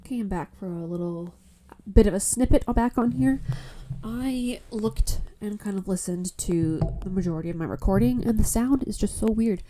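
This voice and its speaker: Woman, from Canada, podcast host, stuffy nose, tired, mellow voice, rambling, swears a lot, phone mic. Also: medium pitch, normal speed, slight background noise. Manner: rambling, frank, swears often. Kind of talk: casual solo podcast chat.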